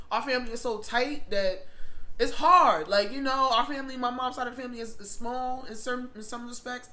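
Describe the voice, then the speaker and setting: Bright-voiced heartfelt storyteller. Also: medium pitch, slight background noise. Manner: rambling, heartfelt, repeats itself with many fillers. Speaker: spiritual shop owner and vlogger. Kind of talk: casual storytime monologue.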